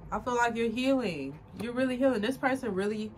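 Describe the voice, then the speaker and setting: A woman's voice: on the high side, fairly quick, darkish tone, slight background noise. A young woman giving a casual tarot reading to camera, rambling with lots of fillers and close to tears. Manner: rambling, filler-heavy, emotional and tearful at times. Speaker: tarot reader.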